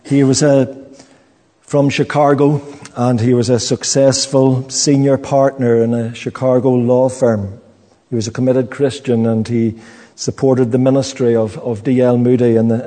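A man preaching a sermon in a slow, earnest way, often stopping to restart a phrase. His voice is warm and mellow, and his mid-range pitch rings with long reverb in a church hall. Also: little pitch movement.

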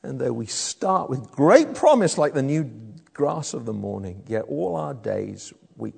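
Gravelly preacher in an echoey hall. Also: male voice, very animated, unhurried. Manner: emphatic, swings between loud declarations and low hushed lines. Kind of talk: sermon.

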